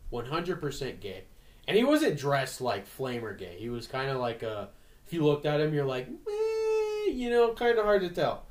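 A man's voice: medium pitch, huge pitch swings, normal speed. A man on a casual podcast with friends, telling a long, blunt, profane anecdote about his job. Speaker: podcast co-host. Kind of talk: casual crude chat among friends.

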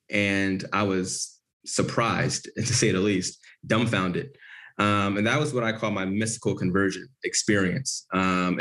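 A man's voice: deep voice, fairly bright tone. A man as an interview guest, telling a personal story in an earnest, vivid way.

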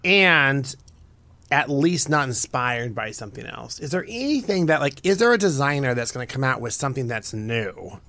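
A man hosting a podcast in casual chat, talking in an animated, playful way. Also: mid-range voice, normal speed. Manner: chatty, animated, playful storytelling. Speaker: podcast host.

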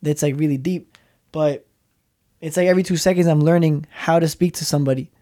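A man's voice: a little high, steady tone, fairly quick, warm tone. A man in casual faith talk, rambling and repeating words as he tells stories.

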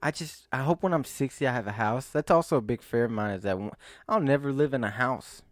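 A man's voice: medium pitch, brisk, dry recording. A young man vlogging to camera in a rambling, self-mocking monologue, often breaking into laughs and sighs.

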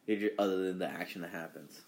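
A man with a lowish voice chats casually about films. He is relaxed and loose, drops curse words without effort, and often leaves a thought half-finished before starting the next. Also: fast talker. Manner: laid-back, swears freely, trails off mid-sentence. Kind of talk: casual chat about movies.

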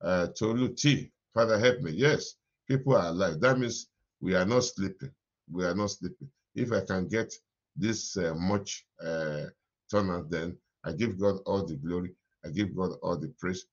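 A man preaching an animated morning devotion sermon as pastor, repeating his phrases and laughing often. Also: sits low, moderate pace, husky, highs cut off.

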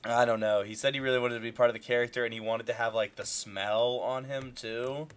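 A man's voice: medium pitch, fairly even intonation, a little fast, smooth. Rambling young man in casual chat. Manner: rambling, many fillers and restarts.

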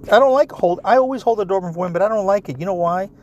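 Profane, ranting man with higher voice. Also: rapid-fire, lo-fi sound. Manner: blunt and profane, heavy swearing; animated, talks straight at listeners. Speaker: solo commentator. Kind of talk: ranting monologue.

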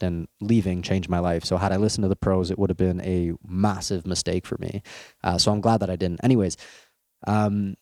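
Deep-voiced young man telling his story. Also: no room sound, studio quality. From Canada. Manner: candid, laughs often, repeats words when excited. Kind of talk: casual personal storytelling.

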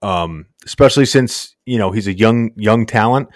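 A man's voice: lowish voice, normal speed, no room sound, studio quality. A man co-hosting a casual sports podcast, laid-back and slangy, rambling through recaps. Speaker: podcast co-host.

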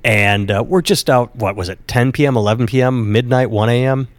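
A middle-aged man co-hosting a podcast, telling rambling anecdotes with hesitant pauses. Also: medium pitch, no room sound. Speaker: podcast co-host. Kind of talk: casual podcast chat.

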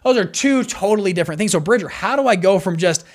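A man's voice: high-pitched, expressive, quick pace. A young man running an investment fund, giving an upbeat, conversational lesson on raising money and acting out the dialogue he quotes. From Salt Lake City, Utah. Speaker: investor and fund manager teaching fundraising. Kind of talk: energetic instructional talk to camera.

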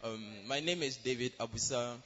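A young man from Ghana giving a polite, halting church testimony in a large church hall. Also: mid-range voice, pushed and bright. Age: young adult. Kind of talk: spoken testimony. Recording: reverberant hall, dull sound.

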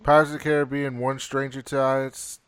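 A man co-hosting a casual movie review chat, reading off a list and adding quick casual opinions. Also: mid-range voice, little pitch movement, crowd noise. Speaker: podcast co-host.

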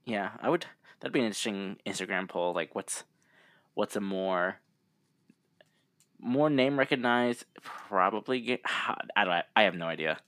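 A man with a lowish voice in relaxed podcast chat. He reads out trivia in a laid-back way and laughs easily. The recording is dry and close. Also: unhurried, no echo. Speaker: podcast co-host. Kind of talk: casual chat.

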